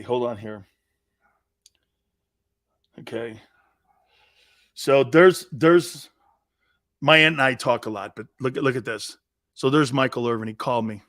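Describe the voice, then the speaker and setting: A man hosting a live sports talk show, telling stories in an animated way that swings from hushed asides to loud bursts, with blunt, swaggering banter. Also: mid-range voice.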